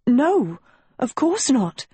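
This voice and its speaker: A woman's voice: fairly high pitch, lively intonation, measured pace, darkish tone, slightly rough, no echo, pitched above the performer's own voice. A woman doing a pleading teenage heroine. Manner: pleading and urgent. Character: desperate, earnest teenage heroine. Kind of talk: audiobook character reading.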